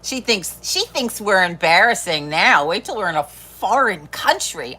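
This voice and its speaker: A woman's voice: lowish voice, big pitch swings, a little slow, few pauses, bright, forceful tone, slightly rough. A middle-aged woman hosting a live stream, chatting casually, swearing freely and laughing often. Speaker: livestream host.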